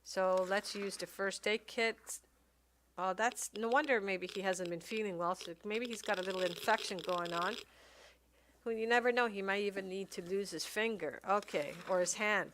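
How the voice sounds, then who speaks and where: A woman's voice: mid-range voice, moderate pace, slight background noise. Hesitant woman narrating a video game. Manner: reads game text aloud and thinks out loud, hesitant with many fillers. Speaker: let's play commentator. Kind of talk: casual gameplay commentary.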